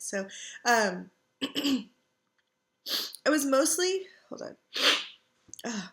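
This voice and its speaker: A woman's voice: high voice, sing-song, extremely slow. A middle-aged woman chatting casually from her couch at home, sore and tired while recovering from surgery, rambling with lots of fillers. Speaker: vlogger. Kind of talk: casual chat.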